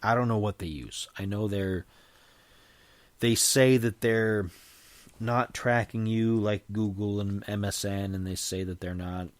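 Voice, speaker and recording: A man's voice: lowish voice, steady tone, a little slow, no room sound. A man hosting his own podcast, talking casually in a rambling way with frequent restarts. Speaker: podcast host. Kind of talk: casual solo podcast talk.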